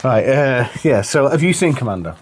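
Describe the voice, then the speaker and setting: A man hosting a podcast in casual chat, jokey and animated, acting out movie scenes. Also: mid-range voice, normal speed, heavy background noise. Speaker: podcast host.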